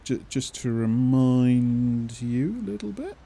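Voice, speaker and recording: A man's voice: mid-range voice, expressive, takes it slowly, vocal fry, mellow. A man running a tabletop game as game master, patiently correcting and reminding the players.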